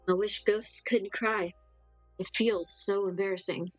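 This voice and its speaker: A woman's voice: medium pitch, fairly even intonation, measured pace, dry recording, soft background music, close to an everyday voice, rough recording. Woman reading as a sad young ghost. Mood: melancholy. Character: sad young female ghost, lost and fragile. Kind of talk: reading game dialogue aloud.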